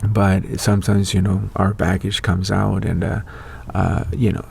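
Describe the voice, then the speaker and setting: A man's voice: low-pitched, little pitch movement, unhurried, creaky, a little mellow, a little hiss or hum. A middle-aged man hosting his own show, talking in a loose, rambling monologue full of fillers and restarts. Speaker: online show host. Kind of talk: casual spoken monologue.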